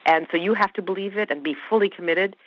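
An actress who grew up in Canada and spoke Hungarian first chats gushingly as a guest in a casual interview, laughing a lot. Her mid-range voice moves quickly, and the podcast audio sounds dry and a bit dull.

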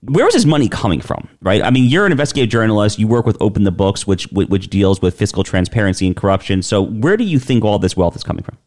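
A man's voice: fairly low pitch, sing-song, quick pace, few pauses, a little mellow. A man hosting an interview, asking questions with stammered restarts. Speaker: host.

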